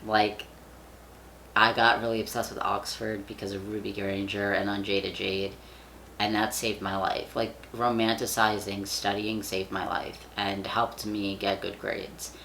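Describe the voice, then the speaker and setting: Gravelly, bright young man chatting. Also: fairly low pitch, level tone, unhurried, a little hiss or hum. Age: young adult. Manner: rambling, filler-heavy, swears casually. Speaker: vlogger. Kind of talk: casual chat.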